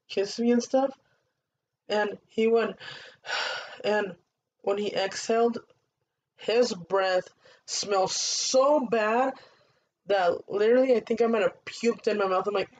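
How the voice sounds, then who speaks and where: A woman's voice: medium pitch, darkish tone. Young woman rambling through a storytime. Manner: rambling, leans on "I'm like" to replay dialogue. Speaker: vlogger. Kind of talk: casual storytime. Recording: dull lo-fi audio with faint hiss.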